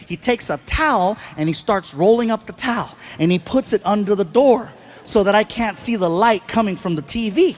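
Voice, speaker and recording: A man doing animated stand-up storytelling on a live stage, throwing in sound effects. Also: high voice, moderate pace. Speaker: stand-up comedian.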